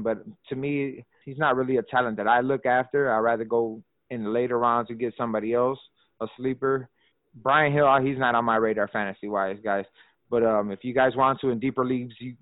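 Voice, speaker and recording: A man's voice: medium pitch, dry recording. Man on a tinny, phone-like line. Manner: loose and animated, lots of fillers and restarts, swears freely. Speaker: fantasy football podcast co-host. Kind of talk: casual podcast chat. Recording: dry, phone-like narrow sound.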